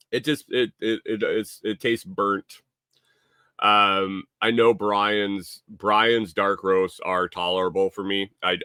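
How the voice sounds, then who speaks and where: A man's voice: low voice, bright, forceful tone, clean tone, no echo, clean studio sound. A man hosting a casual live stream, rambling and repeating himself, reading viewer comments aloud. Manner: reads viewer chat aloud. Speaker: livestream host.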